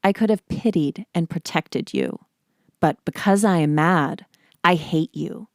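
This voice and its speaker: A wronged young wife who has turned on her husband speaks with mounting, steely intensity, as a woman reads her lines. The voice is low and the sound is dry and close, with no room around it. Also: measured pace, dry recording. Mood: cold fury.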